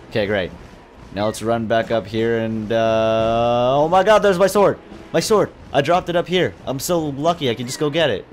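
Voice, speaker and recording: Excitable jokey man playing a game. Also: sits low. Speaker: let's play host. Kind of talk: gameplay commentary.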